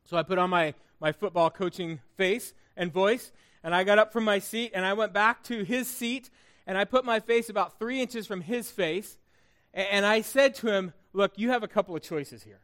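Male pastor, middle-aged, higher-pitched, relaxed storytelling sermon delivery. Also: normal speed, clear, resonant tone. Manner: conversational storytelling with frequent fillers and restarts.

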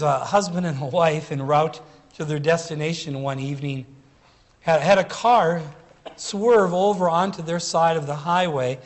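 A man delivers a sermon with a notably high-pitched voice. He preaches earnestly and emphatically, stretching out key phrases to drive them home.

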